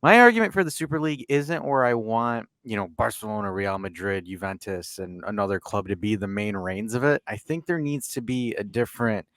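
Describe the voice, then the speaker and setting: A man on a casual podcast with a fairly low voice, recorded dry and close. He teases his co-hosts and rambles through animated opinions. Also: brisk, few pauses, no room sound. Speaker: podcast co-host.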